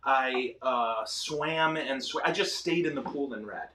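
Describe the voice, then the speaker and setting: A man hosting a casual ministry show, telling animated, self-deprecating stories with lots of fillers. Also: medium pitch, measured pace, echoey room, recorded from a distance, a little hiss or hum. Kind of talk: casual storytelling chat. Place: ministry studio.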